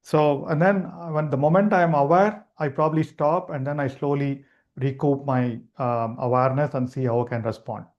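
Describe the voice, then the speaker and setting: A man leading a live online meditation class, explaining gently and unhurriedly with frequent restarts. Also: mid-range voice, steady tone, normal speed, muffled recording. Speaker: meditation teacher.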